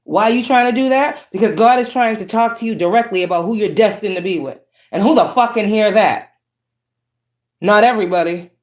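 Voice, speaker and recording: A woman's voice: mid-range voice, brisk, reverberant. Profane, preachy woman tarot reader. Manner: profane, preachy, shifts between calm and harsh. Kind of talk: spiritual reading monologue.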